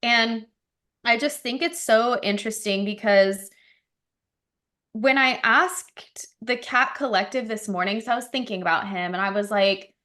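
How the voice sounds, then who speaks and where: A woman's voice: on the high side, measured pace, pushed and bright. A woman co-hosting a casual podcast chat, telling stories in a chatty way with lots of "like" fillers. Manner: chatty storytelling with frequent "like" fillers. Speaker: podcast co-host.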